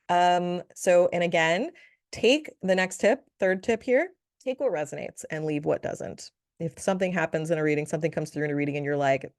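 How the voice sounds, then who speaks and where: Woman podcast host, low-ish voice, relaxed chatty monologue with giggles, dry close mic. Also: normal speed, gravelly, no room sound. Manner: chatty, giggly, playful asides. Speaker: podcast host, spiritual reader.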